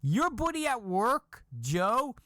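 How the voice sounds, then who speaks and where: A shrill, mocking wife, put on by a man telling a story, her voice pushed far up above his own and sharp with suspicion. She exclaims and teases in a dry, close-sounding recording. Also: very animated, slow pace, no room sound, exaggerated voice. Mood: accusing.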